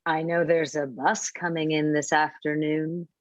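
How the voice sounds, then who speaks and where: A woman reading the part of a calm, unreadable female prison officer in an amateur live script reading over a video call, with a flat, undramatic delivery. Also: low voice, unhurried, no room sound, highs cut off. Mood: level. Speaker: script reader.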